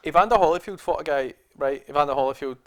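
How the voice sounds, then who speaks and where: A man's voice: fairly high pitch, quick pace, a bit bright. A man co-hosting a podcast in casual chat, calling his friend mate a lot. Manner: chatty, says mate a lot. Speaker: podcast co-host.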